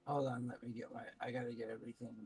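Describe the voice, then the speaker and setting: A male game streamer in loose, rambling conversation, his voice at an ordinary middle pitch. He talks to a teammate between plays, with faint music playing behind him. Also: level tone, racing, a little mellow, low-quality recording. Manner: rambling, chatty, talks with a co-player. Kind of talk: casual chat while gaming.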